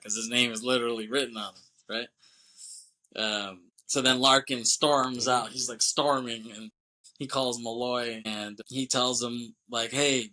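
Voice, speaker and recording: A man's voice: medium pitch, bright, forceful tone, low-quality recording. A young man on a podcast, casually retelling a movie plot in a rambling way and briefly voicing the characters. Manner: rambling retelling, quoting characters with quick voice shifts. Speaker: podcast co-host.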